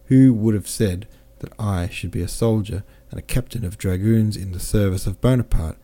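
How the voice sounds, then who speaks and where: A chatty French army captain, friendly and effusive, speaking in a low, dark, mellow voice that lifts a little with his cheer, as a male audiobook reader puts him on. He talks with easy warmth in a read-aloud classic novel. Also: moderate pace, close to an everyday voice. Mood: wistful. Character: cheerful, talkative French army captain, middle-aged man.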